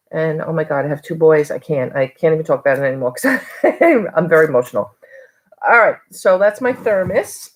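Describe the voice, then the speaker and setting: A middle-aged woman from New York talking casually in a haul video, rambling with lots of fillers. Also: on the low side. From Long Island, New York. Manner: chatty, rambling with many fillers. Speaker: reseller vlogger.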